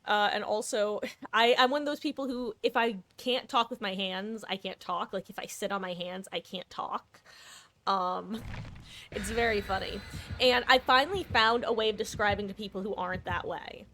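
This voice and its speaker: While streaming a game, a woman in her thirties rambles through casual chat, full of "um" and "like." She speaks at a moderate pace in a medium-pitched, fairly bright voice.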